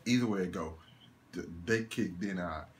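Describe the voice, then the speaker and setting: A man's voice: deep voice, normal speed, slight background noise. A young man giving a casual one-take movie review, ranting in disbelief, laughing and swearing as he goes. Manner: animated, laughing, incredulous rants with swearing.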